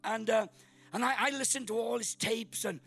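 A middle-aged Welsh man from Wales preaching as a guest speaker at a church service, joking and bursting into shouts. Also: very high voice, moderate pace, gravelly, faint music behind. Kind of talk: sermon.

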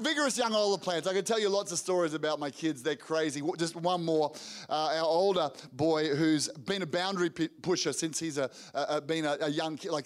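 High-pitched, animated preacher telling stories. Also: male voice. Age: middle-aged. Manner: energetic storytelling with rapid restarts and acted-out quotes. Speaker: pastor. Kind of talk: sermon storytelling. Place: church hall before a congregation.

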